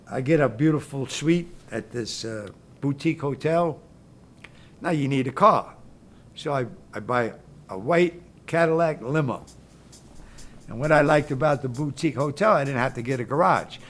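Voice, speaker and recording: Older philly guy, kinda high voice, telling stories casual and acting out everybody he quotes. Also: moderate pace, soft background music. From Philadelphia, US. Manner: animated, acts out quoted voices. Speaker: interview guest. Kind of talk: casual storytelling.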